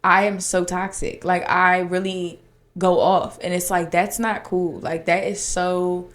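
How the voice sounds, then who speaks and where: Young woman, podcast host, lower voice, rambling casual chat, lots of fillers. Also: level tone, measured pace. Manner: rambling, frequent "like" fillers, candid and emotional.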